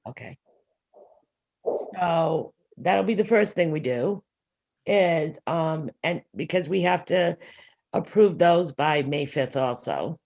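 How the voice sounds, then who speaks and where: A woman who is the council president, chairing a meeting in a brisk, procedural way with frequent fillers. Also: sits low, a little mellow. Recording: lo-fi meeting audio.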